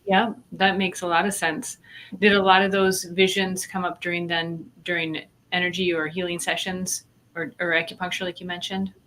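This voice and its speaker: Soft-spoken low, flat female host. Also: normal speed, low-quality recording. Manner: soft, attentive listener. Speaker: podcast host. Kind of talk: interview questions.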